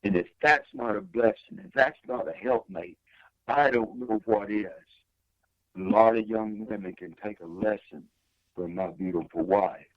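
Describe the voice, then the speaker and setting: An older man, a guest singer, tells a personal story in an interview, speaking a little slowly with emphatic delivery and big pitch swings. The recording is dry and the audio dull.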